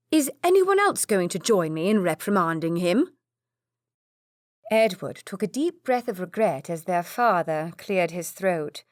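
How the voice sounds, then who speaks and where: A woman reading an audiobook in steady scripted narration. Her voice sits a little low, and the recording is very dry and close. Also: no room sound. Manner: steady storytelling.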